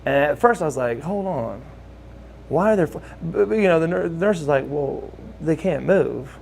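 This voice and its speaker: A man telling a personal story in casual speech, with halting restarts and lively acted-out quotes. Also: creaky, a little hiss or hum. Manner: animated, acts out quoted voices with big pitch jumps; halting restarts and repeated words. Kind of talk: casual spoken anecdote.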